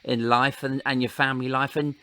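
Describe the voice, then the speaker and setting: A middle-aged man hosts a relaxed conversation, chatty and full of small restarts and laughter. His voice sits at an ordinary pitch and is recorded dry and close. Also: fairly quick, no echo. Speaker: podcast host and entertainer. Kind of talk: casual chat interview.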